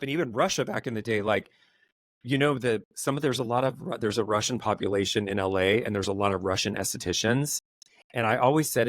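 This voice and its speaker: A man's voice: lowish voice, a bit bright, dry recording. A man hosting a podcast, chatting casually and animatedly in long run-on thoughts. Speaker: podcast host. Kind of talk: casual chat.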